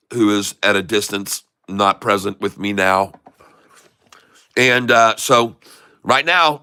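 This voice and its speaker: Bright, crisp-voiced man explaining trades. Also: medium pitch. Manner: chatty, pointing things out on screen. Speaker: day-trading channel host. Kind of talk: live trading walkthrough.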